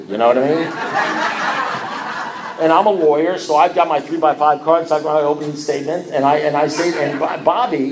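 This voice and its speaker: A man telling his own recovery story to a group, animated and self-mocking, often restarting his sentences. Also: on the high side, reverberant, low-quality recording. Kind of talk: personal testimony to a group.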